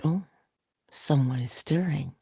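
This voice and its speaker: A woman's voice: low-pitched, very animated, slow pace, gravelly, mellow, breathy edge, no echo. A middle-aged woman hosting a casual inspirational morning talk, dropping into whispers for emphasis and laughing often as she tells a story. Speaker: host of a morning inspiration show.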